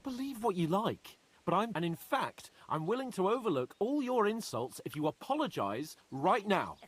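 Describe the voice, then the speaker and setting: An actor playing an indignant, pompous young nobleman in a game, with a husky voice. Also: high-pitched, sing-song, moderate pace, full character voice. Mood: haughty. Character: haughty young male nobleman.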